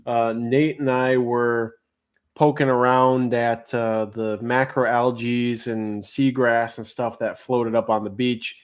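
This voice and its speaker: A man's voice: medium pitch, level tone, slow pace. A man hosting a livestream auction, talking casually and rambling with fillers, calling out bids and reading chat. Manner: rambling, chatty storytelling with many fillers; reads out chat messages and calls bids.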